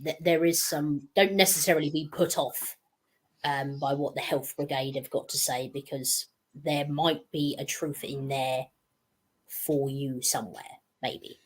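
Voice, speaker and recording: Low-voiced chatty woman. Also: fairly even intonation, a little slow. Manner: chatty and meandering, self-deprecating. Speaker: guest speaker. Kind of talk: casual panel discussion.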